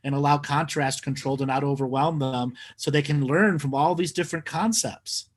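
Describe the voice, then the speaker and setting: A man's voice: a little high, moderate pace. A man hosting a call-in show, chatting and joking with callers and laughing often. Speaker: host.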